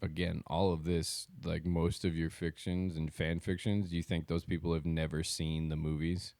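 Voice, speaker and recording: A man's voice: sits low, flat delivery, normal speed, darkish tone, no echo. A man co-hosting a podcast in casual chat, teasing and blunt, swearing casually. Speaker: podcast co-host.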